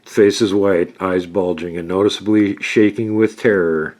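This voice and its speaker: A man narrating a tabletop game as game master, animated and dropping to a hush for suspense. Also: low voice, normal speed, hardly any pauses.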